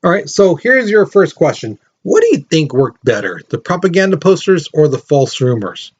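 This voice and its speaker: A man's voice: fairly high pitch, sing-song, moderate pace, dull audio. A man teaching a recorded history lesson in a casual, rambling way, with lots of fillers.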